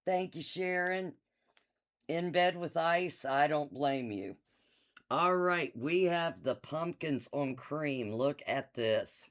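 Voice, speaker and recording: A middle-aged woman hosts a live sale from her quilt shop in a relaxed, unhurried way. She chats warmly to viewers, laughs easily and reads out item numbers as she shows off the fabric. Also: low voice. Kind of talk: casual live-stream sales chat.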